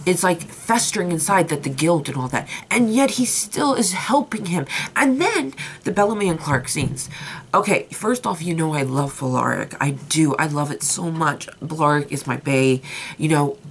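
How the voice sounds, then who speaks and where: A woman's voice: on the low side, slight background noise. A young woman reviewing a TV episode in a vlog, ranting in an impassioned, exasperated way. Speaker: TV show reviewer.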